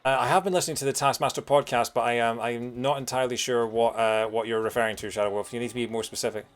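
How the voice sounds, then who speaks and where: A man's voice: mid-range voice, steady tone, fast. Chatty man streaming a game. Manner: chatty, rambling with many fillers. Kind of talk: casual live-stream commentary.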